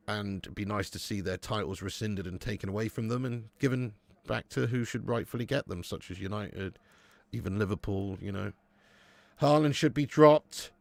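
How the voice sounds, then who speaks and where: A man's voice: on the low side, gravelly, dry recording. A man in his late thirties hosting a live football watch-along, chatting loosely with viewers, swearing, and calling them "mate" and "lad". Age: 30s. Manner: laid-back banter, swears, calls viewers "mate" and "lad".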